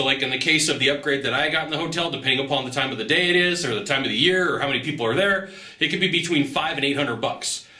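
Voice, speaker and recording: An animated man talks casually to camera about travel, his bright, sharp voice swooping high and low. He laughs often and acts out quick dialogues. The sound carries a noticeable echo from the room. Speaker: travel and persuasion tips presenter. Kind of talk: casual advice talk to camera.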